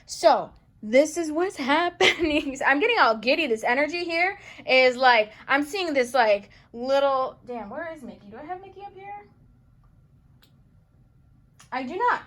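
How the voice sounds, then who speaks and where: A woman giving a casual tarot reading to camera, animated and playful, calling her viewers darling and baby, with bright bursts and low muttered asides. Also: measured pace. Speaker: tarot reader and channel host.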